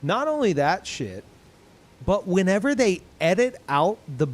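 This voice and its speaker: A young man streaming games, tired and low on energy, rambling in casual chat with lots of swearing, ums and restarts. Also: big pitch swings, a little slow. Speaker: game streamer.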